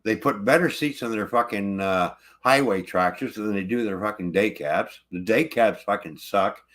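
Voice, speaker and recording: Trucker guy ranting and cussing nonstop, lowish bright tense voice. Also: normal speed. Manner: angry, swears constantly. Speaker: truck driver. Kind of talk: ranting casual livestream talk.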